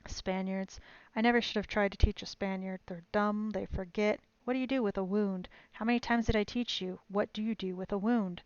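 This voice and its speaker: Lady putting on a scornful old fencing master, ranting fast and loud, flat dull mic. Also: medium pitch, smooth, dry recording, close to an everyday voice.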